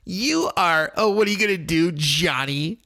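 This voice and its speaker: A man putting on the voice of a shrill, mocking woman who wails and pleads. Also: lively intonation, unhurried, vocal fry, bright, forceful tone, heavily acted. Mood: taunting. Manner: high wailing, taunting, breaking into cries.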